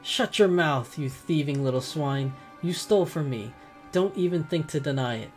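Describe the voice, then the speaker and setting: A woman's voice: low-pitched, moderate pace, darkish tone, soft background music, close to an everyday voice. A woman voicing an arrogant male merchant who blusters and threatens. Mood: angry.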